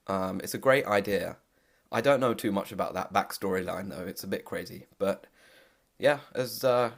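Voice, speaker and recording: A man hosting a casual product review voice-over, talking in a candid, relaxed way with occasional hesitations. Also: lowish voice. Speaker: host reviewing a model kit.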